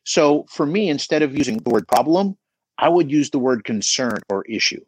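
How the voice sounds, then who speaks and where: A middle-aged man coaching on a podcast, emphatic and animated, asking rhetorical questions as he talks. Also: a little high, normal speed, breathy edge, no echo. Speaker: auto shop business coach guest. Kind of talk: podcast conversation.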